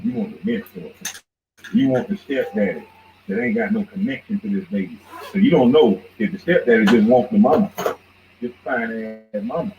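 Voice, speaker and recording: Animated ranting man on a lo-fi mic. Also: fairly low pitch, normal speed, creaky, slight background noise. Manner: heated, mocking, swings between shouts and mutters. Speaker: podcast host. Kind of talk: profane ranting commentary. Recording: dull lo-fi recording.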